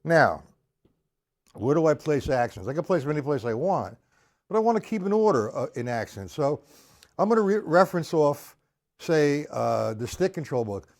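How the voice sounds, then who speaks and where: Drum teacher counting beats, higher-pitched man. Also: animated, normal speed, darkish tone, a little hiss or hum. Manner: casual, counting beats aloud. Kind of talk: live-streamed drum lesson.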